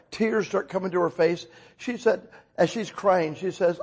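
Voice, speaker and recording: A man preaching a sermon in a relaxed, conversational way, acting out both sides of his stories. His voice is somewhat husky and sits a bit higher than most men's, and now and then he bursts into a loud, raised delivery. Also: normal speed. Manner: conversational, acts out dialogue with sudden loud outbursts.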